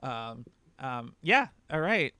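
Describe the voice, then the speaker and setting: Bright, crisp young man running a game. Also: mid-range voice, sing-song, takes it slowly, no room sound, studio quality. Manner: casual, lots of fillers and laughs. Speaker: dungeon master. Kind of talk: narrating a tabletop game.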